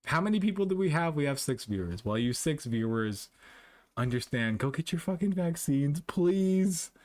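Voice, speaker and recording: A Canadian man streaming live, reading chat and ranting about vaccines, exasperated and profane, swinging between loud outbursts and low muttering. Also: animated, normal speed, no echo. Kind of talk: casual livestream chat.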